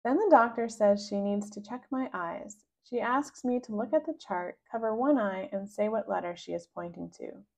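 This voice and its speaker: A woman reading a children's book aloud, narrating slowly and expressively in the first person. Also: mid-range voice, vocal fry, a little mellow. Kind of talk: read-aloud storybook narration.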